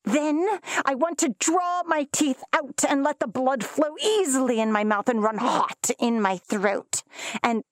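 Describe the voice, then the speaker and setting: A woman's voice: medium pitch, expressive, slow pace, few pauses, dry recording, clean studio sound. A woman voicing a shy twelve-year-old boy who turns ferocious and desperate, in an audiobook reading.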